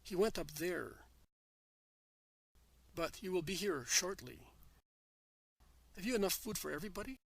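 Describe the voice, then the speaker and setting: A man reading the part of Jesus, a calm, gentle teacher, in a measured, solemn way. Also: high-pitched, creaky, slightly rough, no echo, heavily acted, rough recording.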